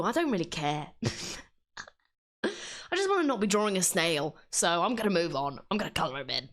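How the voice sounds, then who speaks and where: A woman's voice: on the low side, big pitch swings, moderate pace, pauses often. A woman chatting casually while she draws, self-mocking and laughing often. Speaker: drawing vlogger. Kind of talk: casual chat while drawing.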